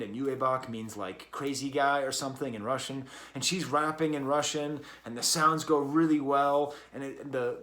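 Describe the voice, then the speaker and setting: A man's voice: medium pitch, a bit bright. A man reviewing an album in a casual, rambling way, with many fillers and restarts. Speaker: music reviewer.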